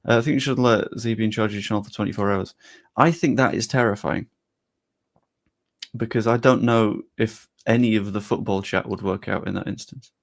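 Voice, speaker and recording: A man's voice: lowish voice, fairly even intonation, brisk, creaky. A young man chatting casually and loosely on a live stream, talking straight to his chat with the odd swear.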